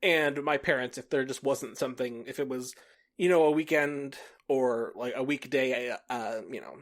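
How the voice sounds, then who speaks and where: A man with a medium-pitched voice talks at a moderate pace as a podcast co-host. The chat is casual: he swears freely, laughs often and acts out what other people said.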